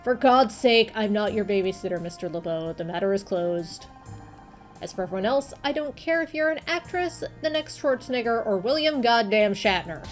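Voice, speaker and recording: A woman voicing a gruff, impatient male senior detective who barks curt orders. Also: medium pitch, expressive, moderate pace, soft background music, natural voice.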